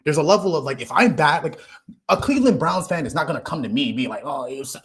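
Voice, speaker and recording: A man's voice: fairly high pitch, quick pace. An American man talking football in a casual podcast chat, rambling and restarting his sentences. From United States. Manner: rambling, restarts phrases, lively swings in loudness.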